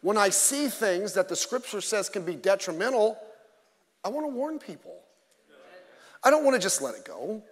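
A man's voice: sits high, very animated, moderate pace, pauses often, in a large hall. A male pastor preaching a sermon in an emphatic, conversational way, mixing in self-deprecating jokes.

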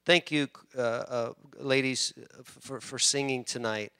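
Animated preacher man, bright, forceful voice. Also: mid-range voice, slow, clean tone, no echo, clean studio sound. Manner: animated preaching, swinging from loud emphasis to quiet asides; repeats words and restarts often. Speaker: pastor. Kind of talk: sermon.

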